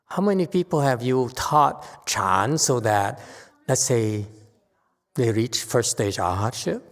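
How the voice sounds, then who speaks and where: A man giving a Buddhist lecture, pressing his listeners with pointed rhetorical questions and jumping up in pitch to stress a point. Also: lively intonation, slow, big-room sound. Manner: sudden rises in pitch and force when stressing a point. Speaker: Buddhist teacher. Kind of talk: Dharma lecture.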